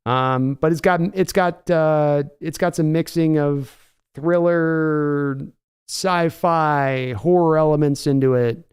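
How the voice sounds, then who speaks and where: A man's voice: fairly high pitch, steady tone, takes it slowly, darkish tone, smooth. A man hosting a casual livestream podcast, chatting and reading viewer comments aloud. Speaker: podcast host.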